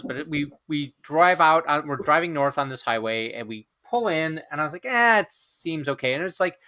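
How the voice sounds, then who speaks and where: A man with a fairly high, bright and tense voice wanders through a story in casual podcast chat. He keeps stopping, restarting and leaning on fillers as he goes. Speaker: podcast co-host.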